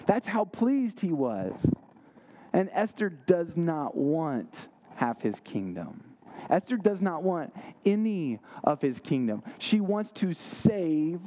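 A man's voice: high voice, big pitch swings, unhurried, dark tone, highs cut off. A young man giving an interactive sermon, quizzing his listeners and making playful asides. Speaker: youth camp speaker.

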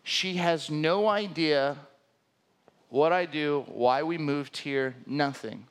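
A man's voice: a little high, slow pace. A man in his thirties preaching a sermon as a pastor, telling a personal story and acting out the quoted dialogue.

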